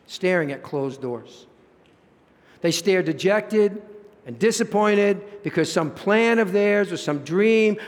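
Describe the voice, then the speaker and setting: A man's voice: sits high, big-room sound. A man preaching a sermon as pastor, emphatic, repeating his points and rising into exclamations. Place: church.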